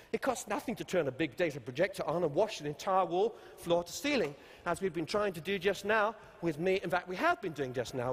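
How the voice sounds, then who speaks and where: Male keynote speaker, high voice, animated and wry, playing to a big crowd in a reverberant conference hall. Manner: animated, humorous, addresses audience directly. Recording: long hall reverb from stage mic.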